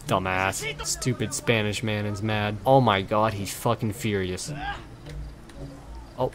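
A young man casually commentating his gameplay, swearing and getting exasperated with loud outbursts, with game music behind him. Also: lowish voice, steady tone, slow, very noisy. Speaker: gameplay streamer.

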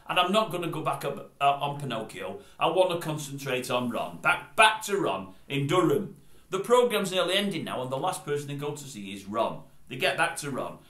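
An older man tells the story in a rambling way and often corrects himself. His pitch runs a little high and swings in a lively way. The room gives his voice an echo. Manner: rambling, animated, self-correcting. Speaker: online commentator. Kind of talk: casual storytelling recap.

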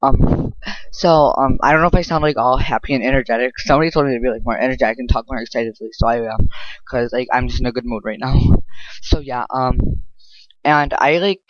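A man giving casual, excitable game commentary, rambling with lots of filler words. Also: mid-range voice, brisk, a little hiss or hum. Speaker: gameplay commentator. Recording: dull lo-fi dry mic.

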